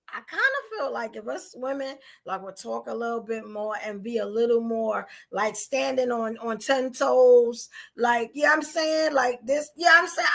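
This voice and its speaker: New woman podcast host, high, bright, edgy voice, animated casual talk. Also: creaky. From New York. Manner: animated, rhetorical "you know what I'm saying". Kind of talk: casual live podcast chat.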